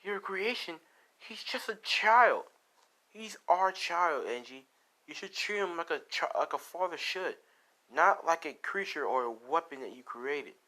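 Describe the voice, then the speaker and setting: A man's voice: medium pitch, animated, moderate pace, hardly any pauses, sharp tone. A man voicing a desperate, protective young mother who pleads in a raised, strained voice, in a fan-made story. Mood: pleading.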